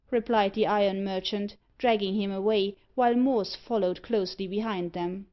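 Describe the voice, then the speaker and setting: A woman narrating an audiobook of a classic novel in a steady, measured reading. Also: mid-range voice. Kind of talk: scripted narration. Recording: slightly dull lo-fi recording.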